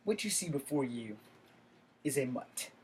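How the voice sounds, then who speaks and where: A man's voice: medium pitch, lively intonation, a little slow, darkish tone, slight background noise, low-quality recording. A man giving an emotional, impassioned vlog rant, swearing and building to outbursts. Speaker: video blogger.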